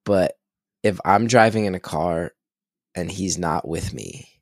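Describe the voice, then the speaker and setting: A man in his thirties chatting casually, animated and excitable, swearing freely as he tells stories. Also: low-pitched, a little slow, dry recording, clean studio sound. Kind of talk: casual conversation.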